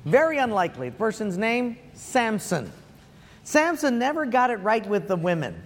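Male pastor, high voice, joke-telling humorous sermon, in a reverberant sanctuary. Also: moderate pace. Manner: joke-telling, chuckling, animated. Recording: long hall reverb.

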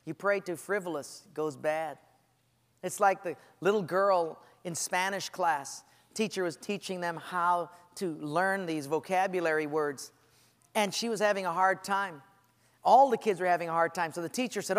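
A man preaches with a fairly high voice, telling lively stories and slipping into the voices of whining people and answering characters. His words ring out with a long reverb from a big hall. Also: normal speed. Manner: animated storytelling, acting out voices of people praying. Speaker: pastor. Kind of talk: sermon.

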